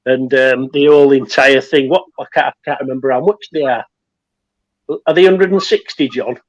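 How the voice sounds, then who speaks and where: A man's voice: mid-range voice, steady tone, moderate pace, no room sound, highs cut off. A man from England talking casually on his phone, explaining how to use his heater kit step by step. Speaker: guest survivalist. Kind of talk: casual chat.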